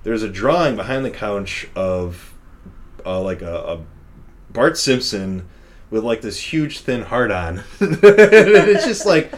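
A man's voice: lowish voice, sing-song, takes it slowly, slight background noise. A young man co-hosting a podcast and recapping a movie in casual chat. He rambles, laughs often and swears freely. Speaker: podcast co-host reviewing a movie.

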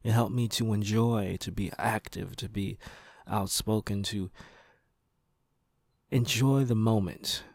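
Slow gravelly man telling a podcast story. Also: lowish voice, darkish tone, dry recording, studio quality. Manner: slow, reflective, rambling with pauses. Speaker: podcast host. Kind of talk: casual personal storytelling monologue.

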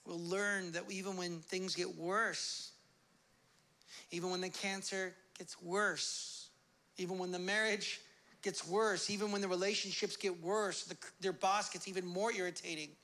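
A man's voice: sits high, steady tone, measured pace, pushed and bright. A man preaching a sermon as pastor, telling a Bible story with humor and acting out its characters.

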